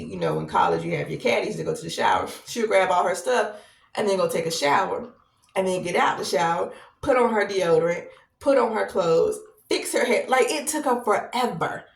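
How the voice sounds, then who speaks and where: A woman in her thirties, a podcast host telling a long personal story in a casual, animated way, repeating herself as she goes. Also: lowish voice, vocal fry. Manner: animated, conversational, drawn-out repetitions. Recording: roomy echo, distant from mic.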